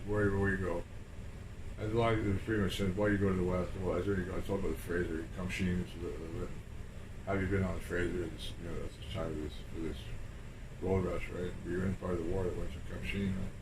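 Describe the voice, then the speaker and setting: A man chatting casually in a rambling way, repeating himself and swearing now and then. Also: deep voice. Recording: roomy and distant with air-conditioner hum.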